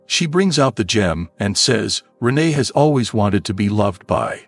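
A man narrating a comic story recap in a steady, plain manner over faint music. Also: on the low side, unhurried, hardly any pauses, husky, no room sound.

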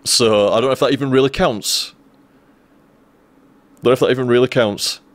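A man's voice: medium pitch, normal speed, no echo. A young man telling a long, rambling story to his live stream viewers, swearing freely and restarting his sentences. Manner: rambling, profane, restarts often.

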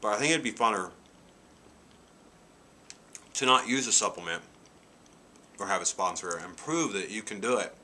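A man's voice: lowish voice, animated, normal speed, long pauses, pushed and bright. A man in his forties talking casually to his vlog audience, telling a rambling story peppered with "you know". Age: 40s. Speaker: vlogger. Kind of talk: casual chat.

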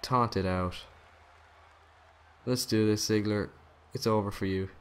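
A young man giving casual, excitable commentary over his own wrestling video game match, swearing and taunting the opponent. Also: fairly low pitch, slow, clear, resonant tone. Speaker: gaming YouTuber.

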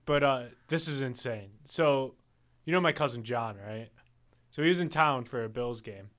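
A man's voice: mid-range voice, normal speed, fairly bright tone. A young man co-hosting a podcast, chatting casually, swearing and laughing as he tells stories. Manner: storytelling, swearing, laughing often. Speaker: podcast co-host. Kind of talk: casual chat.

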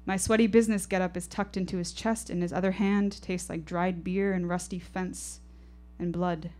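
Woman storyteller, lowish voice, intense and rhythmic, live stage telling. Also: fairly even intonation, moderate pace, dark tone. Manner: intense, poetic, rhythmic delivery. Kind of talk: live first-person storytelling performance.

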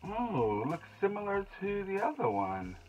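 A young man unboxing makeup in a casual vlog, excitable and gushing, gasping and breaking into shouts. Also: sits high, normal speed, lo-fi sound. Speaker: beauty vlogger.

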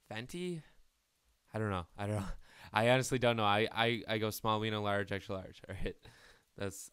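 Teen male let's-player, crude self-mocking rambler, smooth voice, dry close sound. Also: on the low side, a bit bright, no room sound. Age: late teens. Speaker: gaming YouTuber. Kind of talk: casual gameplay commentary.

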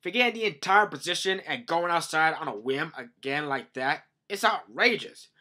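A man voicing a stern male sea-creature minister who loudly scolds his king. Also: fairly high pitch, animated, normal speed, voice pushed up. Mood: furious scolding. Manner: scolding, indignant, loud.

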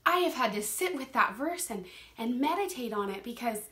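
A young woman leads a casual Bible study, speaking earnestly in a slightly high voice. She laughs often and doubles back on her words as she explains each verse. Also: lively intonation, normal speed, fairly bright tone. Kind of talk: casual scripture teaching.

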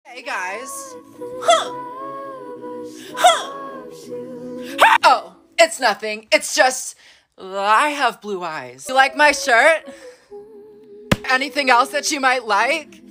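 A man's voice: extremely high pitch, animated, slow pace, sharp tone, faint music behind, exaggerated voice. A man playing a shy, anime-obsessed teenage boy in a comedy sketch, mumbling awkwardly and then snapping defensively. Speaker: comedy creator.

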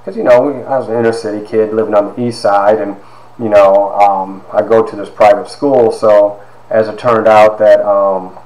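A man in his fifties giving a personal testimony, halting with fillers and acting out quoted dialogue. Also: lowish voice, steady tone, darkish tone. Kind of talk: personal storytelling talk. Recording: roomy echo.

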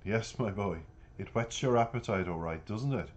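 A man's voice: on the low side, normal speed, close to an everyday voice. A man reading the lines of a kindly older guardian who teases the boy he looks after. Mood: teasing. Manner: warm, teasing.

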